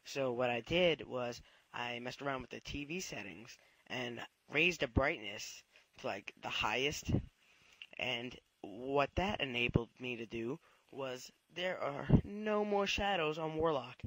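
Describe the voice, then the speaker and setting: Male listener, mid-pitched, rambling with filler words, dry close sound. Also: unhurried, bright, forceful tone, no room sound, poor audio. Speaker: listener sending a tip. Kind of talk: recorded tip segment.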